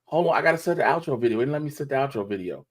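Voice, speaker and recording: A man chatting casually on a livestream he hosts. He tells stories with energy and acts out what other people said. His voice sits at a middling pitch. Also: very fast. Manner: animated storyteller, acts out quoted dialogue. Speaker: host.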